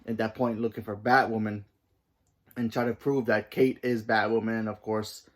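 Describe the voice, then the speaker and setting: A man hosting his own channel and giving a casual, rambling review of a TV episode. He fills his talk with "you know" and restarts, and his voice jumps up in pitch and volume when he stresses a point. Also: little pitch movement, normal speed. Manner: rambling, many fillers and restarts.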